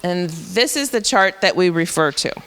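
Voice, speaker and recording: Woman teacher leading a staff training, patient and explanatory, clear voice in a reverberant room. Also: fairly low pitch, animated, normal speed, a bit bright. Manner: explanatory, talks through teaching steps. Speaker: reading intervention teacher. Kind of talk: professional development presentation.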